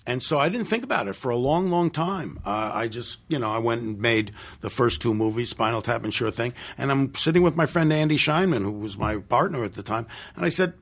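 A man's voice: medium pitch, lively intonation, a little fast, gravelly, hardly any pauses. An older man, a film director, telling rambling anecdotes in a casual interview and acting out what others said. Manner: rambling anecdotes with restarts and acted-out quotes.

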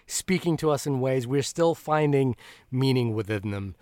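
A man's voice: medium pitch, animated, normal speed, a little mellow, no echo. A man co-hosting a film podcast in casual chat, joking wryly and musing thoughtfully. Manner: wry, jokey, thoughtful. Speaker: podcast co-host.

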